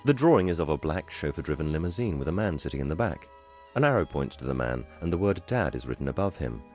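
Male audio describer: very low voice, neutral scripted reading, light music beneath. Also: sing-song, fast talker, a little mellow.

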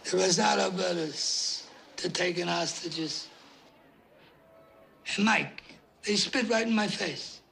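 An actor playing an older, drunk and belligerent mob boss who rants and blusters. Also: male voice, high voice, takes it slowly, gravelly, long pauses, bright, forceful tone, full character voice. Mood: ranting. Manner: blustering, ranting. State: a little drunk. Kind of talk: film drama acting.

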